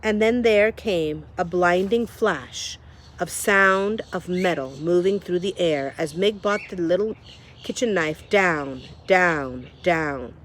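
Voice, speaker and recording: A woman's voice: on the low side, takes it slowly, slight background noise. Woman reading a children's story aloud. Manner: lively storytelling, addresses the reader. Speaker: reader.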